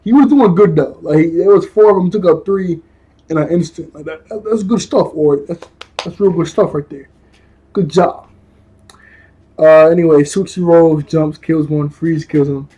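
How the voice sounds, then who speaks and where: A man's voice: a little high, normal speed, warm tone, breathy edge. A young man casually recapping a cartoon episode in a rambling, slangy way, often laughing and correcting himself. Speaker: episode reviewer.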